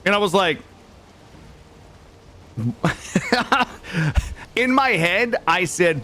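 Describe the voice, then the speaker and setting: A man's voice: high-pitched, very slow, long pauses. A man streaming a game, chatting casually with viewers, rambling and swearing as he tells stories and greets chat by name. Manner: rambling, animated storytelling, swears freely; greets chat members by name while playing.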